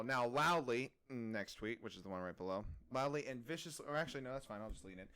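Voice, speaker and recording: A man's voice: medium pitch, animated, fast, hardly any pauses, bright, forceful tone, clean tone. Laughing young man co-hosting a podcast. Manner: laughs often, reads tweets aloud with mocking asides. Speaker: podcast co-host. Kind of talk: casual podcast chat.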